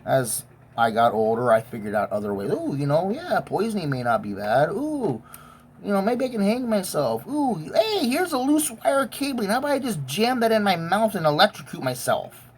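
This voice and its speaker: A woman's voice: medium pitch, very animated, normal speed, a little hiss or hum. A woman giving a blunt, profane, emotionally intense rant as a vlogger. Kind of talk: profane ranting monologue.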